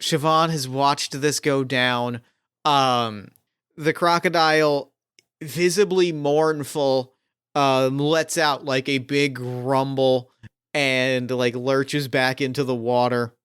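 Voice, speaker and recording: A man narrating as game master of a tabletop game, relaxed and sprinkling in ums. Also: mid-range voice, takes it slowly, smooth, dry recording, studio quality.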